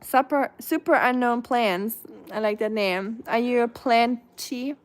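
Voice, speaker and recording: A woman's voice: a little high, measured pace. A young woman with a German accent, chatting casually on a live stream and answering viewers' comments, rambling with many fillers and restarts. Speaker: live streamer reading chat.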